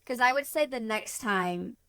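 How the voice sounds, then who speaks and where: Relaxed young woman co-hosting a podcast. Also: on the high side, a little slow, dry recording. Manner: relaxed, agreeable, uses "like" often. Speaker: podcast co-host. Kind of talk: casual chat.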